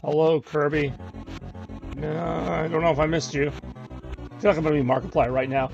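A man's voice: mid-range voice, flat delivery, brisk, creaky, darkish tone, highs cut off, soft background music. A man hosting a gaming video, giving casual, wry let's-play commentary and talking to his viewers. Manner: chatty, wry, addresses viewers.

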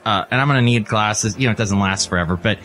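A man's voice: fairly low pitch, fast, a bit bright. A man hosting a podcast, interviewing guests in a playful, joking way with rambling asides. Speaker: podcast host. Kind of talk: casual studio interview.

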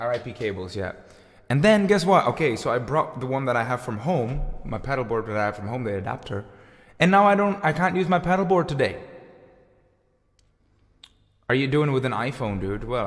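A man's voice: mid-range voice, normal speed, in a large hall. A man of thirty hosting a music livestream, rambling casually through viewer comments with lots of fillers. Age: 30s. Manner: rambling and chatty, full of fillers. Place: home room with lights and guitar gear.

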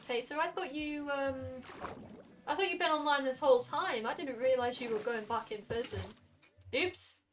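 A woman's voice: high voice, moderate pace, faint music behind. A young Welsh woman chatting casually with her viewers while playing a game on stream, rambling from one thought to the next. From Wales. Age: young adult. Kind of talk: casual gaming stream chat.

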